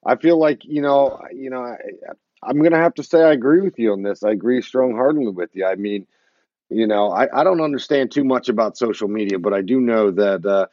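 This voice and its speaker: A man co-hosting a podcast, speaking calmly and hesitantly with frequent pauses in casual chat. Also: mid-range voice, no echo. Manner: calm, hesitant, many uh fillers. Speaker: podcast co-host. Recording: dull lo-fi dry sound.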